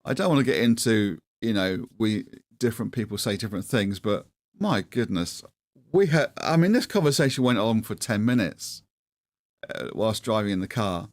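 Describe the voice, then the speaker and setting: Rambling man, lowish dry voice. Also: animated, moderate pace, dry recording. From England. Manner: rambling and self-deprecating, with many restarts. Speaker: livestream host. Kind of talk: casual livestream chat.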